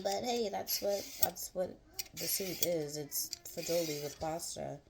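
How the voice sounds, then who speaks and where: A woman's voice: fairly low pitch, unhurried, creaky, heavy background noise. A woman chatting playfully while cooking at home, laughing often and slipping into a joking mock Italian accent. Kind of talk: casual cooking vlog chat. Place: home kitchen. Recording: loud kitchen clatter behind the voice. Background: clattering pots, dishes and clicks.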